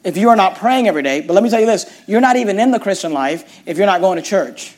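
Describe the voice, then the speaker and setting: A man's voice: high-pitched, animated, fast talker. A middle-aged man, a pastor, preaching a sermon with emphatic, repetitive phrasing.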